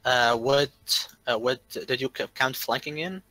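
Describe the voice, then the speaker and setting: Bright-voiced man joking at the table. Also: medium pitch, measured pace, no echo, low-quality recording. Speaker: player. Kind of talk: casual game chat.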